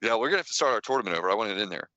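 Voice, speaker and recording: A man in his thirties co-hosting a podcast, talking in an animated, teasing way and often restarting his sentences. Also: fairly low pitch, rapid-fire, lo-fi sound. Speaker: podcast co-host. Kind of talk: casual chat.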